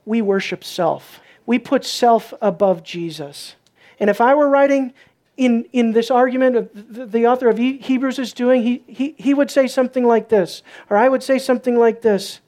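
A woman preaching a sermon, swinging from soft, low passages to loud, emphatic peaks. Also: normal speed.

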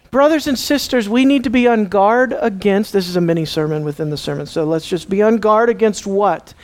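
A man's voice: high-pitched, moderate pace. A man pastor preaching a sermon, dramatic, asking the congregation rhetorical questions and acting out the people in the story.

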